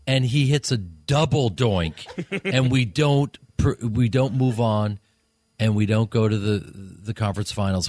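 A comedian from Chicago, appearing as a guest in a radio studio, chats casually in a mid-range voice on a dry recording. He rambles, mocks himself, and quickly slips into voices.

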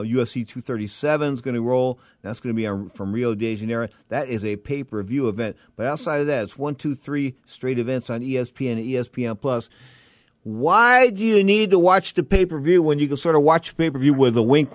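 A man hosting a sports talk radio show, excitable and rambling, telling stories full of asides. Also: mid-range voice, dry recording, studio quality.

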